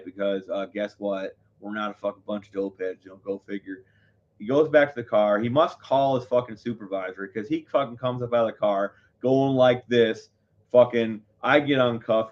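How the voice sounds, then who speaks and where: A man hosting a live show, telling viewers a story in a heated, profane, rambling way. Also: lowish voice. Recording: dull lo-fi audio.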